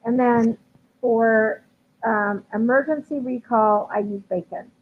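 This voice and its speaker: A woman's voice: on the high side, slow. Chatty woman dog trainer on a tinny line. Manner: chatty, frequent ums and likes. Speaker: dog trainer answering viewer questions. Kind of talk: casual live Q&A. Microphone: livestream computer mic. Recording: tinny phone-like line with faint hiss.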